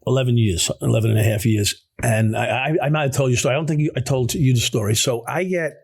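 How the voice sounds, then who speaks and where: A man in casual podcast conversation, telling a story in an animated, profane way with many restarts. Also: medium pitch, fast, creaky, slightly rough.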